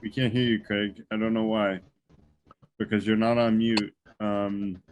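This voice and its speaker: A man hosting a group video call, speaking in a relaxed way with many fillers. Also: fairly low pitch, a little slow, highs cut off, soft background music. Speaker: group host.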